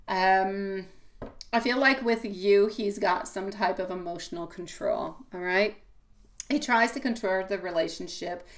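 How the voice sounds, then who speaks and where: Woman, live-stream tarot reader, affectionate, chatty, sweetie and my love to everyone, loud then soft. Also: mid-range voice. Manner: chatty, drifts between loud exclamations and soft asides. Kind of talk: casual live-stream chat reading viewer comments.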